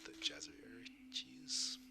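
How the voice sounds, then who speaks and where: A man's voice: slow pace, low-quality recording. A tired male streamer casually thinking aloud about game choices, sometimes mumbling. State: tired, yawning. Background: game music.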